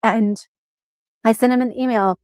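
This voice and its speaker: A woman's voice: a little high, steady tone, unhurried, a little mellow, dry recording. A woman in her forties telling a personal story in an earnest, emotional way. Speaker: storyteller in a played clip. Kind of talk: personal story told to camera.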